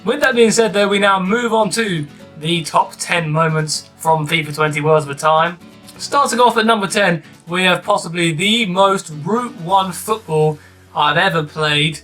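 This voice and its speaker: A young man narrates a highlights countdown in a chatty, wry way. His voice sits a little high and sounds bright. Faint music plays underneath. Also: a little slow, distant mic. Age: young adult. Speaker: gaming YouTuber. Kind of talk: voice-over countdown commentary.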